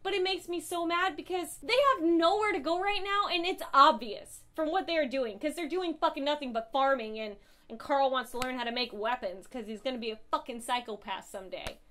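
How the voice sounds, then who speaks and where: High-voiced woman ranting about comics. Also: fairly quick, a bit bright. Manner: profane, impassioned and blunt. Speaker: comic book reviewer. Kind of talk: casual review vlog.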